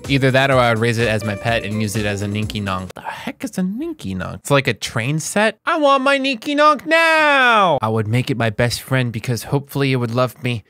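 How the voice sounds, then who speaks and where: A man reads viewer comments straight off the screen for his channel. Between comments he slips into playful, mock-outraged asides. A music bed runs clearly underneath. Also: mid-range voice, expressive, fairly quick, hardly any pauses, fairly bright tone. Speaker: YouTuber reading viewer comments. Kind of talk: reading comments aloud with joking asides. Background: background music.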